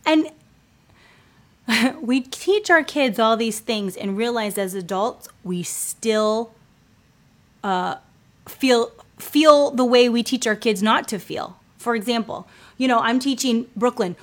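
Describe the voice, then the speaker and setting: A woman's voice: a little high, unhurried. A woman in her thirties, a homeschooling mother, giving earnest, conversational faith-based advice with frequent fillers.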